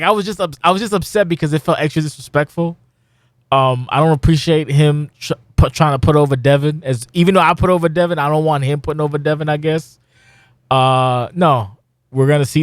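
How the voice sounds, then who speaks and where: A man's voice: fairly high pitch, no room sound, clean studio sound. A middle-aged man hosting a casual podcast, rambling and swearing bluntly. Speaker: podcast host.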